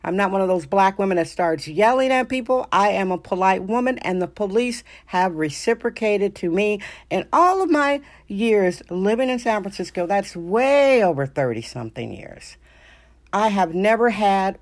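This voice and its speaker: A woman's voice: medium pitch, sing-song, normal speed. A middle-aged woman from Wisconsin hosting her own show, talking in an emphatic, self-assured and opinionated way. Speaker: podcast host. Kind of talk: casual monologue.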